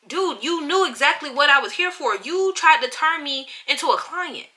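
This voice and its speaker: Young woman podcast host, very bright tone, lively storyteller who mimics others. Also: sits high, moderate pace. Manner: animated, acts out other people's lines. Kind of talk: casual storytelling chat.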